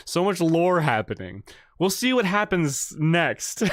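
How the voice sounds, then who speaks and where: Excitable streamer man, dry close mic. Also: on the high side, measured pace, no echo. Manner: excitable, laughing and tripping over words. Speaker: livestream host. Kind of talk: reading an AI story aloud with commentary.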